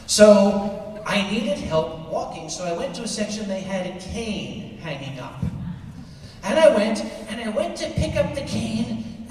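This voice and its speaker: A man telling a funny personal story to a crowd, animated and laughing along. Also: high voice, a little hiss or hum. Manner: animated, laughing at his own tale. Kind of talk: comic storytelling. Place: large convention hall. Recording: echoey hall from far off.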